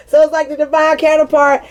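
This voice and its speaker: A woman giving a casual, animated tarot reading, swearing freely and breaking into sassy asides as she voices the cards. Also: medium pitch, rough recording. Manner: chatty and animated, swears freely and laughs often. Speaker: tarot card reader.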